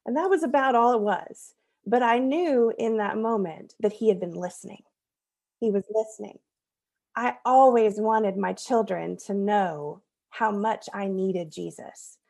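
A woman's voice: mid-range voice, measured pace, vocal fry, a little mellow. A woman in her thirties, a podcast guest, telling a personal story in an earnest, conversational way and laughing at herself now and then.

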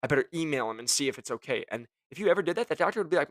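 A man hosting a casual motivational talk to his listeners, energetic and jokey, often acting out what other people say. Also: fairly high pitch, rapid-fire, no echo, studio quality. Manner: energetic, jokey, acts out quoted voices. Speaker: host.

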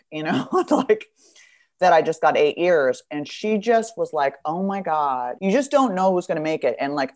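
A woman in her fifties, a podcast guest, talking candidly and bluntly, swearing freely and acting out voices as she tells stories. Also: deep voice. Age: 50s. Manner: blunt, profane, animated storytelling. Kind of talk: candid conversation.

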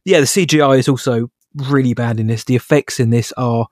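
A man co-hosting a casual film review podcast, animated and sarcastic, laughing as he talks. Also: mid-range voice, brisk, no echo, studio quality.

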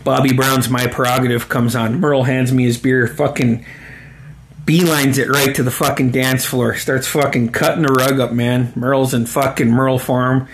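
A man's voice: medium pitch, flat delivery, moderate pace, a little hiss or hum. A man in his forties telling a casual story, rambling and swearing often, breaking into laughter. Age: 40s.

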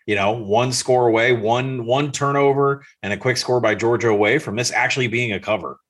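A man's voice: medium pitch, steady tone, a little fast, fairly bright tone. A man co-hosting a sports betting podcast, bluntly running through stats in casual chat. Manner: dry, stat-heavy, blunt. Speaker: podcast co-host.

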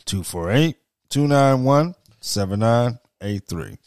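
A man's voice: mid-range voice, expressive, slow, a little mellow, dry recording, studio quality. A man with a Southern US accent co-hosting a casual podcast, reacting and reading out contact info. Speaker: podcast co-host. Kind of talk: casual chat.

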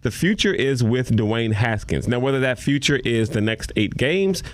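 A man's voice: mid-range voice, expressive, normal speed, no echo. A man co-hosting a casual sports chat, driving his point home by repeating key phrases. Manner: emphatic, repeats phrases for effect. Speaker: co-host.

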